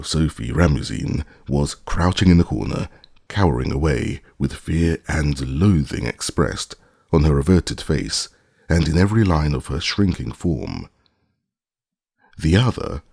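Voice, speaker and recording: A male audiobook narrator with an extremely deep, husky, gravelly voice. He tells the story in a measured, deliberate first-person way. The sound is dry and close. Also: a little mellow, dry recording.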